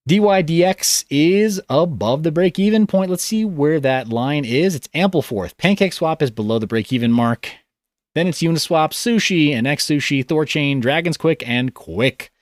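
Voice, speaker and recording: A man's voice: on the high side, normal speed, no room sound, studio quality. A man hosting a livestream, reading comments in a loose, rambling way with a tired voice. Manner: rambling, loose, self-interrupting. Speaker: livestream host.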